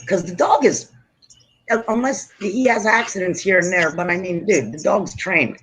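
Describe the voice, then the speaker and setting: A woman's voice: on the low side, lively intonation, normal speed, a bit bright, breathy edge, poor audio. A woman hosting a podcast, telling a story in casual chat, profane and laughing often. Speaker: podcast host.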